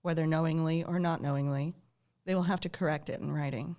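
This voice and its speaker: A woman's voice: deep voice, steady tone, quick pace, a little mellow. A woman giving casual advice on how to speak with credibility, explaining and affirming in an interview. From lived many years in Ontario. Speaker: guest expert on nonverbal communication.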